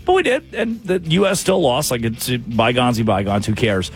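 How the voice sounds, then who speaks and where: A man's voice: mid-range voice, moderate pace, soft background music. A man hosting a comic sports talk show, telling stories with quoted voices. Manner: animated storytelling with voiced quotes.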